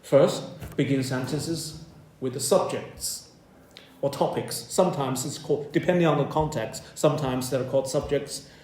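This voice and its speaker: A man teaching university students a writing class, speaking in a measured way, repeating and rephrasing his points and checking in with "okay?". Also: medium pitch, darkish tone. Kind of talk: classroom lecture. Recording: echoey classroom.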